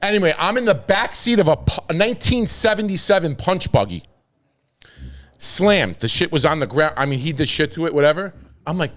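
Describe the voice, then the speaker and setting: A man telling wild stories on a podcast in a loose, profane, animated way. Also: on the high side, normal speed. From New York. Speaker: podcast host. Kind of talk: casual storytelling.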